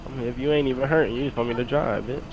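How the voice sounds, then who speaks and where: Quick, slangy man over noisy game audio. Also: mid-range voice, dull audio. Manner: laid-back slangy teasing. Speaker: fellow role-play player. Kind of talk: casual in-character banter.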